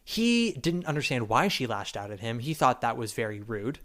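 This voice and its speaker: A man's voice: mid-range voice, very animated, normal speed, a bit bright. A man hosting a podcast, chatting casually and animatedly, acting out quotes as he retells scenes. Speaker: podcast host. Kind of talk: casual chat.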